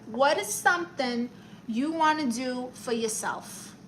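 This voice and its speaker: A woman with a New York accent chats her way through a livestream like a sassy, theatrical aunt. Her voice rides a little high and rings bright and forward. She reads out viewer comments and calls everyone honey. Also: expressive, takes it slowly, a little hiss or hum. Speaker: livestream host giving advice. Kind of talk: casual livestream chat reading comments.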